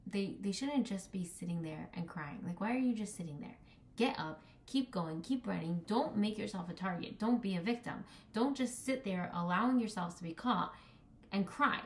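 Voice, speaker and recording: A woman's voice: on the low side, moderate pace. Earnest young woman teaching in an echoey room. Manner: earnest, casual, many "like" fillers. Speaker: Torah teacher. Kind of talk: informal Torah lesson. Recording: echoey room with faint ambience.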